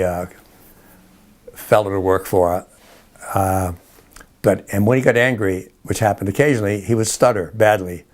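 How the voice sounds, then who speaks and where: Older guy rambling thru his army days, chuckles a lot, lowish voice. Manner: rambling, chuckling storyteller with many restarts. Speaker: interviewee. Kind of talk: oral history interview.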